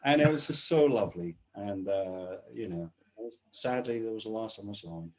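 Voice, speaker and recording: A man, a guest drummer telling stories in a casual video-call interview, his sentences trailing off softly. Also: lowish voice, expressive, normal speed. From England.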